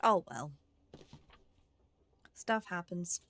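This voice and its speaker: A woman's voice: lowish voice, lively intonation, extremely slow, fairly bright tone. A young woman giving chatty live commentary as she plays a game, talking herself through each move. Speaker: game streamer.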